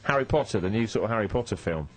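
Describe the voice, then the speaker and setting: A man's voice: on the low side, expressive, rapid-fire, faint music behind, rough recording. A man hosting a morning radio show, teasing and bantering with a celebrity caller. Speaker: radio host.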